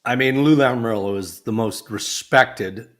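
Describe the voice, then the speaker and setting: A man's voice: medium pitch, normal speed. Man, podcast co-host, casual sports chat, moves the talk along, easy chuckles. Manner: steers the conversation, chuckles easily. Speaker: podcast co-host and hockey insider.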